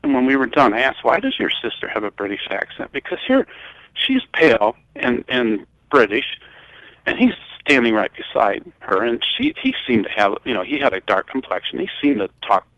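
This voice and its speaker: An older man from Michigan recounting a personal story in a halting, rambling way, full of restarts. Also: medium pitch, wildly swooping pitch, no room sound, highs cut off. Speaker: guest.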